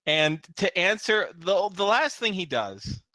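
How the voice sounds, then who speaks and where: A man running a tabletop game, narrating with animated energy and frequent laughter. His voice is bright and slightly high, with wide swings in pitch. The recording is dry and close. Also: unhurried, no room sound. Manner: animated, laughing, loose with fillers. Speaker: game master.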